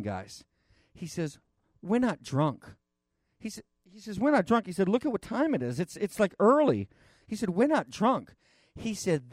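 A man preaching a conversational sermon, rambling and animated, with frequent restarts and fillers. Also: on the high side, no room sound, studio quality.

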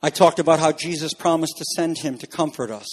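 Male pastor, sermon, earnest, somewhat high voice, long echo of a large room. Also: fairly quick, husky. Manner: earnest, rises in pitch for emphasis.

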